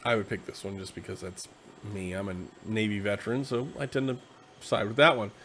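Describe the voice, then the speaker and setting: A tired man hosting a casual, rambling explanation of a tabletop game class, slipping into quick acted asides. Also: fairly low pitch, a bit bright, a little hiss or hum. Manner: conversational, acts out quick quoted asides. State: tired, yawning.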